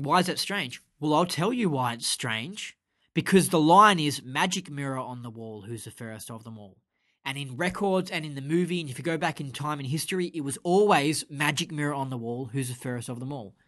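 A man talking straight to camera in an animated vlog monologue, full of rhetorical questions. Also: a little high, a little fast. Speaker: vlogger. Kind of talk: excited explainer monologue.

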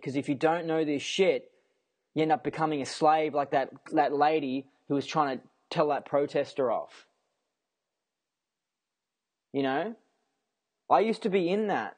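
A man's voice: on the high side, a little mellow. A young man in a casual rant to camera, rambling and emphatic, swearing freely and restarting his sentences as he goes. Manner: repeats himself and restarts sentences.

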